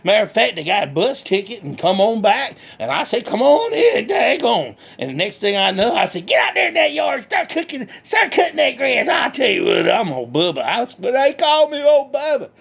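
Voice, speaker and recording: A man's voice: very high-pitched, sing-song, normal speed, gravelly, hardly any pauses, fairly bright tone, slightly rough, pitched above the performer's own voice, exaggerated voice. A man voicing a brash, crude, toothless backwoods man who rambles and brags. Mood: boastful. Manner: boastful, rambling, folksy swearing. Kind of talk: comedy sketch character.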